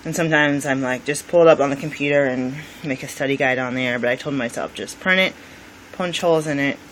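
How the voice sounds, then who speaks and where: A woman's voice: rumbling low, slight background noise, rough recording. A woman in her thirties, a medical student, talking in a rambling personal vlog, venting and acting out quoted exchanges.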